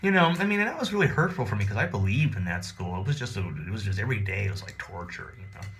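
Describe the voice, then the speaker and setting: A man telling a personal story in a rambling, animated, profane, casual way. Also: lowish voice, fast talker.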